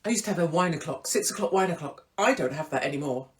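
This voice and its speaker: A woman hosting a casual live-stream chat, irreverent and theatrical, breaking into sudden high exclamations. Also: expressive, quick pace. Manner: swings into big high exclamations. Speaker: host.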